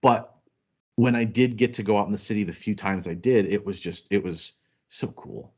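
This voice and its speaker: A man co-hosting a casual chat show, telling travel stories in an animated, self-deprecating way. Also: fairly low pitch, normal speed, husky, lo-fi sound. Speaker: podcast co-host.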